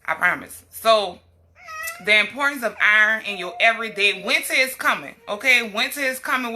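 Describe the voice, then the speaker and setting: This young health advocate vlogger speaks with a sharp, fairly high-pitched voice. Talking on a relaxed livestream, she urges women to value themselves in an emphatic, heated style while tossing scolding remarks at her young daughter.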